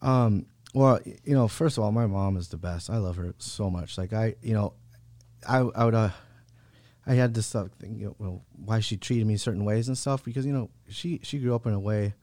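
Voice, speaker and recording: Podcast guest, man in his 30s, slangy laid-back storyteller with a lowish voice, close dry mic. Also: moderate pace, a little mellow, no room sound. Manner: laid-back slangy talk, many "bro" and "like". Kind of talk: casual storytelling.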